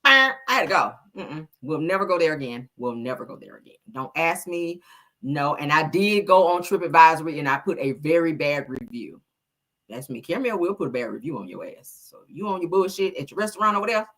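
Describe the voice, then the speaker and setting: A woman with a husky, bright voice holds forth in casual chat, full of swearing and storytelling. Her pitch swings widely as she talks. She sounds middle-aged and hosts her own show. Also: fairly quick. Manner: animated, profane storytelling. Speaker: host.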